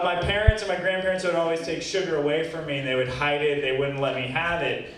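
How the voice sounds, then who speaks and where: High-voiced young comedian in an echoey room. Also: male voice. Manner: deadpan, self-deprecating, halting delivery. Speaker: stand-up comedian. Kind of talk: stand-up set. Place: small comedy venue, open mic. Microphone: handheld stage mic, recorded by a far camera. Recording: echoey room, distant camera, light background noise. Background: faint room ambience.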